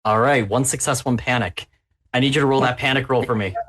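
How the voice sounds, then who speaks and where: A man's voice: medium pitch, fast, a bit bright. Man, game master, tabletop horror narration, gleeful, mid-range voice. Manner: gleeful, relishing the players' peril.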